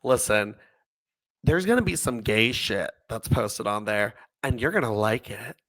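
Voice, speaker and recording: A young man co-hosting a podcast in casual chat, animated, laughing often and acting out quotes. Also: fairly low pitch, unhurried. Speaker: podcast co-host.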